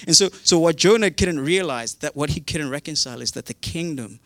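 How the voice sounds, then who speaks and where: Animated male preacher, dry sound. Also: on the high side, fairly quick, dry recording. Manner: animated, repeats words, acts out quotes. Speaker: pastor. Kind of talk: sermon.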